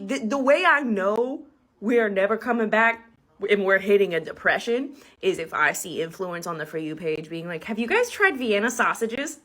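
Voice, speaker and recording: A woman's voice: medium pitch, fairly bright tone. A young woman, ranting comedically to her phone camera in a brash, profane, riffing way. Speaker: TikTok comedian. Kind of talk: casual comedic rant to camera.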